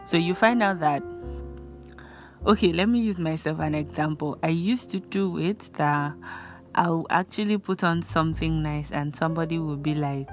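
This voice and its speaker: A young Nigerian woman gives friendly life advice in a relaxed, chatty way, her speaking voice sitting a bit on the low side. She talks earnestly and often slips into little acted-out exchanges. Soft music plays faintly underneath. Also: normal speed. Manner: chatty, earnest, acts out little dialogues in a higher voice. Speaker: host. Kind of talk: casual advice talk.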